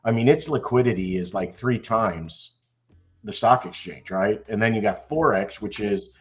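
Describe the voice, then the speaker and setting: An older man chatting loudly and cheerfully on an online call about trading, laughing often. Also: lowish voice, moderate pace, highs cut off. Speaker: stock trading chat member. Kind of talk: casual chat.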